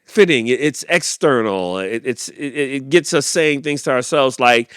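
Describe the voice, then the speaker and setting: A man hosting a podcast, reading a picture book aloud and then talking it through in an animated way with many restarts. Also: medium pitch, moderate pace, hardly any pauses, clear, resonant tone, no echo, clean studio sound. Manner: animated, repeats and restarts, self-coaching. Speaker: podcast host.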